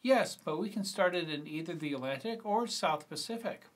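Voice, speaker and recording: Male reader voicing an earnest schoolboy, slightly raised pitch. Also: lively intonation, normal speed. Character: teenage schoolboy, eager and earnest. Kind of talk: screenplay reading.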